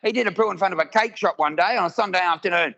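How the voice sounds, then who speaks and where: A man's voice: high-pitched, rapid-fire, creaky, a bit bright, dull audio. A man, telling stories in a live stand-up routine and acting out both sides of the dialogue. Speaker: stand-up comedian. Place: live comedy venue with audience.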